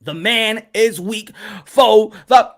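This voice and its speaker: A man's voice: sits high, slow. A man hosting his boxing channel, delivering a rambling comedic rant full of laughter, swearing and preachy asides.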